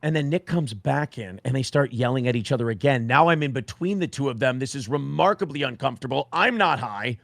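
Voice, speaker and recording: A guest in his forties retells a story on a stream, blunt and full of profanity, animatedly doing the voices of what others said. His mid-range voice is creaky and fairly quick, barely pausing. The recording is dry.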